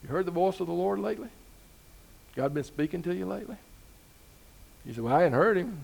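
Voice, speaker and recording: A man's voice: high-pitched, lively intonation, brisk, gravelly, a little mellow. A man preaching a sermon as pastor, talking to the congregation in an easygoing way with rhetorical questions and rising emphasis.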